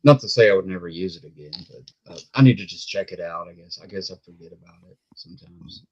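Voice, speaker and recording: A man co-hosting a casual podcast, laid-back and trailing off softly. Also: deep voice, quick pace, slightly rough, lo-fi sound. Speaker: podcast co-host. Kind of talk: casual chat.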